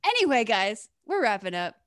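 A woman's voice: a little high, sing-song, moderate pace, a bit bright, dry recording. Woman podcast host, upbeat and encouraging, dry close sound. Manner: encouraging, laughs easily. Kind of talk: casual chat, motivational wrap-up.

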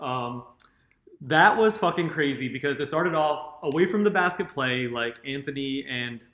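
A man's voice: medium pitch, animated, moderate pace, a bit bright, echoey room. A young man hosting a podcast in casual chat, joking and swearing freely. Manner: profane, joking. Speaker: podcast host.

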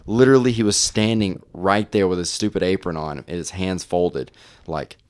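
A man's voice: sits low, normal speed, no echo. A young man hosting a podcast, telling stories in loose casual chat and laughing often. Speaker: podcast host.

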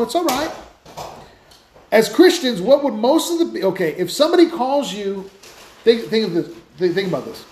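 A man hosting a Christian podcast, telling stories in a lively, casual way with many restarts. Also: high-pitched, reverberant, a little hiss or hum. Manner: animated storytelling with many restarts. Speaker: podcast host, Christian speaker. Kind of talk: casual faith talk.

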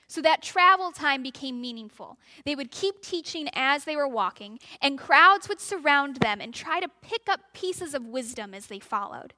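A woman's voice: sits high, pushed and bright. A woman preaching a sermon, telling a story and acting out the voices of the crowd.

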